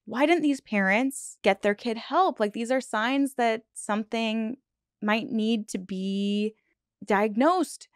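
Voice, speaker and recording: A woman hosting a true crime channel, telling a dark case in a casual, earnest way with asides and fillers, sometimes choked up. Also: medium pitch, clean tone, dry recording, studio quality. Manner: earnest, emotional, choked up at times; conversational with many fillers and restarts.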